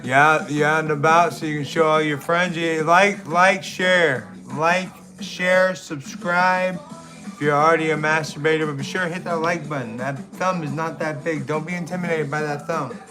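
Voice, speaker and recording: A man's voice: a little high, steady tone, moderate pace. A man hosting a live stream, chatting with viewers in a crude, goofy and chaotic way. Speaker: livestream host. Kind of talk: rambling live-stream chat. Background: music.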